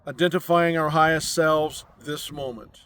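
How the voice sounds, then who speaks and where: A man delivers an inspirational spiritual message outdoors on a mountain. His voice sits high and he speaks very slowly. He leans on gentle, repeated affirmations. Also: steady tone, clean tone. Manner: slow, soothing, repetitive affirmations. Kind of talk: inspirational sermon. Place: outdoors on a mountain overlooking a city.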